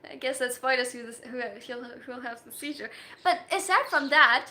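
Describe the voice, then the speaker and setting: A woman livestreaming as a story writer, chatting casually with her viewers in an animated way and laughing often. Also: high voice, moderate pace. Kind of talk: casual livestream chat, reacting to viewers' messages.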